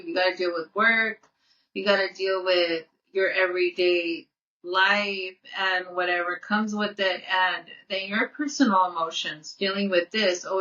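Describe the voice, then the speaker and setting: A woman's voice: medium pitch, bright, forceful tone, distant mic. A woman co-hosting a podcast in casual chat. She talks earnestly, restarts often and repeats her words. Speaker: podcast co-host. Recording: muffled audio, off-mic.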